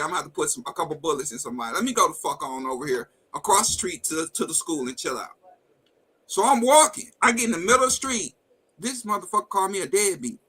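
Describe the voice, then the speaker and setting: A man with a high, bright, forceful voice tells a heated personal story on a live talk stream. He is blunt and profane and acts out each line of quoted dialogue. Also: breathy edge, poor audio. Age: adult with a wife and kids. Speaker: host. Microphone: video call setup.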